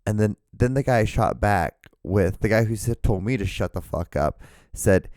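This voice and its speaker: A man's voice: lowish voice, moderate pace, a little mellow, no room sound, clean studio sound. A man hosting a solo podcast, rambling and ranting with lots of swearing and restarts. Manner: rambling and profane, rants with frequent restarts. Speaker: podcast host.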